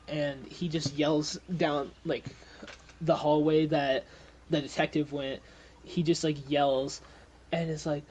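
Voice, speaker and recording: A young man running a tabletop game, rambling through the scene at an unhurried pace with lots of fillers. His voice sits a little higher than most men's, with a faint hiss of noise behind it. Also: steady tone, low-quality recording. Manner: rambling, filler-heavy, often laughing. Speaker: game master.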